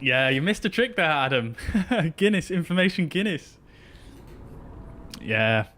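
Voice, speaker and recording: A man streams a flight simulator, talking casually to his chat as he flies. His voice is on the high side, sing-song, pushed, and bright, delivered at a measured pace over slight background noise.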